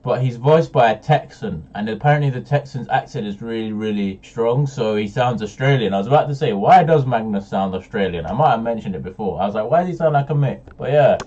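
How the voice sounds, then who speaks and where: A man's voice: fairly low pitch, a little fast, few pauses, a little mellow. A man hosting a casual reaction video, chatty and rambling. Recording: slightly dull home mic.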